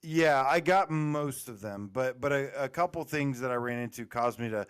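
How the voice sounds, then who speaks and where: A man's voice: mid-range voice, moderate pace, clean tone. A man from the Southern United States with a Southern American accent, rambling and laughing through casual podcast talk as a guest. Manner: rambling, laughing, full of fillers.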